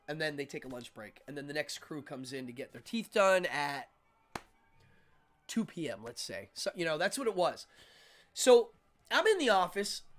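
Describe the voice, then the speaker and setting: A man, host of a talk show, casually telling a personal story and acting out the people in it. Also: a little high. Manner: animated, acts out yelling voices in his story. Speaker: podcast host.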